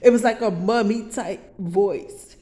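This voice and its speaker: A woman with a warm, medium-pitched voice speaks slowly in a vlog, rambling through a profane, confessional monologue. It drifts into preaching, broken by sudden outbursts and stumbling restarts.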